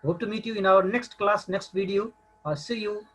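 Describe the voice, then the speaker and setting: High-pitched Nepali-accented male teacher. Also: fairly even intonation, moderate pace, fairly bright tone, poor audio. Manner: hesitant, many filler sounds. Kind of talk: recorded English lesson.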